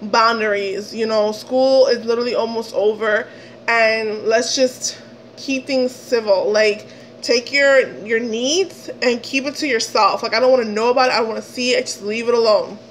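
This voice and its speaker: A young woman vlogger telling a story, animated and indignant, swearing often and acting out the dialogue in a shrill, pleading voice. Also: moderate pace, a little hiss or hum, poor audio. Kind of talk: story time retelling.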